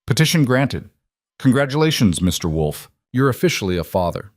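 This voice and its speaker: A man's voice: medium pitch, very animated, a little fast, dry recording, voice pushed up. A man voicing a stern, formal female judge in her sixties in a narrated story.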